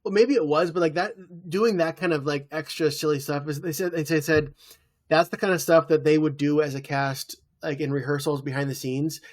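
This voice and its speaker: This male podcast co-host in his thirties has a fairly high pitch, a steady tone, and a moderate pace. Chatting casually, he recaps a TV episode and acts out the lines he quotes.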